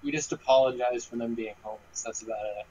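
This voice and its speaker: A man joining a late-night stream chat, teasing with deadpan jokes. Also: medium pitch, fast talker, slight background noise, poor audio. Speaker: stream guest.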